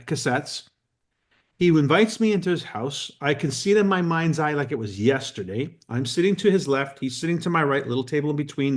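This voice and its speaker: A middle-aged man from Canada co-hosting a network marketing call, telling a story with emphasis and acting out the quotes. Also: a little high. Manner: animated, emphatic, acts out quotes.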